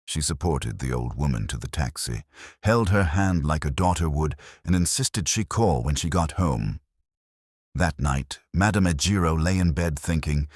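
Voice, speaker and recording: Casting: a male folktale narrator with a very deep voice, dramatic and expressive, with a lot of rise and fall. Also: moderate pace, husky, dry recording, studio quality. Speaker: storyteller. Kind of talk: scripted narration.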